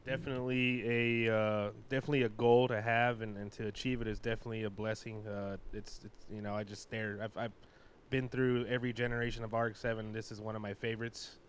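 A man's voice: on the low side, level tone, fast talker, slight background noise. Laid-back man rambling as a podcast guest. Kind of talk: casual chat.

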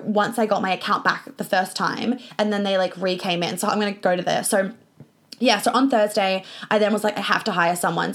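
A young adult woman vlogger telling a story in a chatty, animated way, swearing freely and spelling out some words. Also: medium pitch. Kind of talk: casual storytime vlog.

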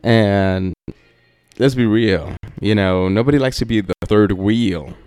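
A man's voice: fairly low pitch, moderate pace, darkish tone, dry recording, clean studio sound, soft background music. A young man hosting a podcast, telling a rambling story in a laid-back, profane way with lots of fillers. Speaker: podcast host.

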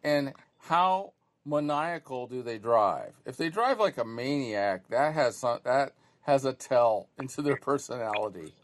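A middle-aged man with an average-pitched voice chats casually on a podcast. He jokes easily and often stumbles and restarts his sentences. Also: animated, measured pace, few pauses. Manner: stammering restarts, joking. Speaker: podcast co-host. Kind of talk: casual chat.

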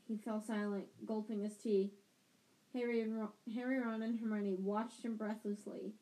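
A woman with a fairly high voice reads a storybook aloud in an amateur style. She often stumbles over words and restarts lines to correct herself. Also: steady tone, normal speed, mellow. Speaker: audiobook reader. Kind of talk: amateur book reading.

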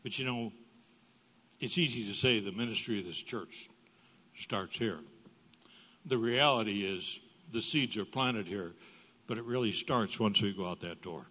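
Speaking unhurriedly and pausing often, an older man with a lowish, pushed and bright voice preaches as a guest in a church sanctuary. He tells humorous stories and acts out dialogue with big leaps in his voice, in a reverberant hall.

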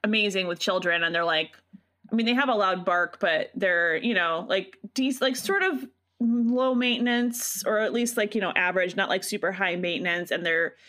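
A woman in her thirties co-hosting a podcast, chatting casually and telling rambling, animated stories. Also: medium pitch, moderate pace. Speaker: podcast co-host. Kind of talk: casual chat.

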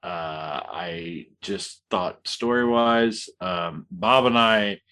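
A man's voice: low-pitched, extremely slow, pushed and bright. A man co-hosting a casual movie review podcast, arguing his side hesitantly with restarts and sheepish laughs. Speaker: podcast co-host.

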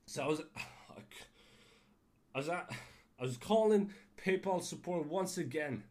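Podcast guy with a cold, slightly high voice, rambling and slow, lots of ums and casual swearing. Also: lively intonation, darkish tone. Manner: rambling, frequent fillers and restarts, casual swearing. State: has a cold. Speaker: podcast host. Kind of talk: casual storytelling monologue.

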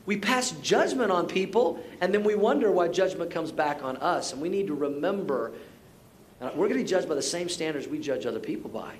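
A middle-aged male pastor with a fairly high voice delivers a sermon. He talks like he's chatting, full of personal stories, restarts and asides. The tone stays easygoing and plainspoken. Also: expressive, fairly quick, slight background noise. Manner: conversational storytelling with repeated words and asides.

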